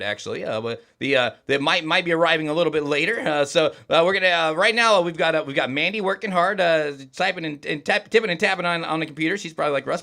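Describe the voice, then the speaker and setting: A man's voice: a little high, creaky, bright, forceful tone. A man hosting a casual studio livestream, chatting and rambling with lots of fillers and restarts. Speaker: podcast host. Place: recording studio.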